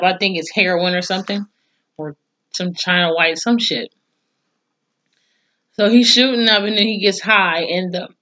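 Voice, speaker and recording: A woman's voice: on the low side, pushed and bright, muffled recording. A woman giving a blunt, chatty recap of a TV episode, swearing freely and reacting with mock disgust. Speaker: TV episode reviewer. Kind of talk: casual spoken recap.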